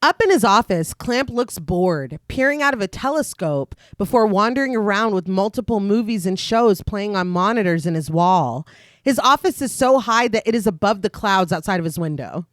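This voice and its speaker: A woman's voice: mid-range voice, moderate pace, no room sound. A young adult woman co-hosting a horror podcast, reading out a film recap with frequent laughing asides. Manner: laughs often, animated asides. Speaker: podcast co-host.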